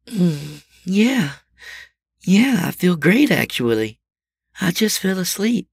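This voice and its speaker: An excitable, chatty middle-aged wife, voiced by a man in a storybook audio drama. Her voice is raised well above his own, swinging up and down with a husky, gravelly texture. It is recorded close and dry, with no room sound. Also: high voice, slow pace, no room sound, voice pushed up, heavily acted. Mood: drowsy, sweet. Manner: bright, lively, sing-song.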